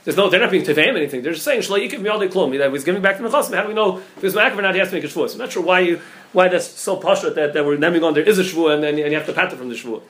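Man, rabbi, Talmud class, high voice, rapid-fire delivery, stumbles and repeats. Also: a bit bright. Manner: rapid, repeats words and restarts, mixes Hebrew and Yiddish terms into English. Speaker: rabbi teaching a daily Talmud page.

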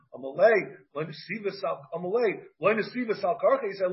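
A man, a rabbi, teaching a Talmud class in an animated way, mixing English with Hebrew and Aramaic terms and checking in with "right?". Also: sits high, fairly quick. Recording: dull, lo-fi class recording.

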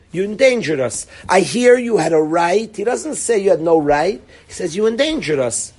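A man teaching a Torah class on the weekly portion. He speaks straight to his students by name, keeps calling things fascinating, and acts out the quoted voices until he is shouting. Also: high voice, breathy edge.

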